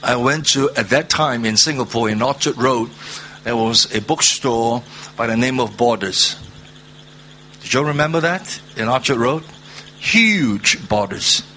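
A man preaching a sermon, reading scripture aloud and stressing words through slow repetition. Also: medium pitch, sharp tone, a little hiss or hum. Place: church hall, seated at a low table.

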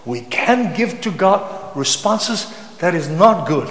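A man preaching a sermon with passion, sometimes rising to loud cries. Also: high-pitched, very animated, slow, slight background noise. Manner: impassioned, rising to shouts when voicing psalm cries. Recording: echoey hall with long reverb.

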